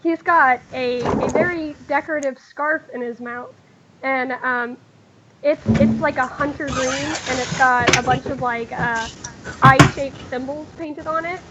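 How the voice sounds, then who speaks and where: A woman narrating as game master in a tabletop game, talking haltingly with many fillers and restarts. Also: sits high, fairly even intonation, heavy background noise.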